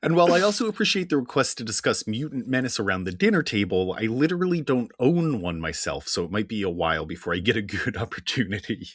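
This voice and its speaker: A man co-hosting a podcast, reading listener mail in a dry, deadpan, casual way. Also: fairly low pitch, quick pace, hardly any pauses, husky, no echo. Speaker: podcast co-host. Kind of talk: casual chat.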